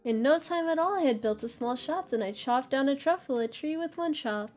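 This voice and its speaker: A woman's voice: high voice, animated, brisk, a little mellow, soft background music. A woman streamer giving a theatrical, playful reading of a children's storybook, with laughs and asides to her viewers.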